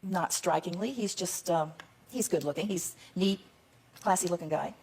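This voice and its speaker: A woman's voice: fairly low pitch, moderate pace, a little mellow, breathy edge. An older woman, a guest on a TV talk show, giving earnest answers to the host's questions.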